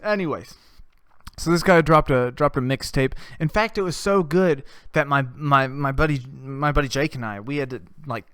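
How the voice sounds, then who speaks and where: A man's voice: mid-range voice, fairly bright tone, clear, resonant tone, dry recording, studio quality. A young adult man hosting a podcast. He tells stories in a loose, casual monologue, swears a lot and laughs at his own tales. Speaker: podcast host.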